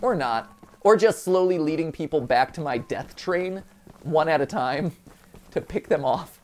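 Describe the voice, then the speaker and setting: A man hosting a casual let's-play, excitable and joking, shouting at the game as he plays. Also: a little high, unhurried. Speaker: host. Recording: game music behind.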